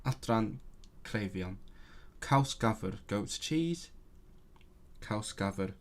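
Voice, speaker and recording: Guy streaming from his desk, slow and lowish, mutters words to himself, faint keys clacking behind. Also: expressive. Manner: thinks aloud, self-correcting, sounding out words. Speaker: language-learning streamer. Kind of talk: casual live stream talk.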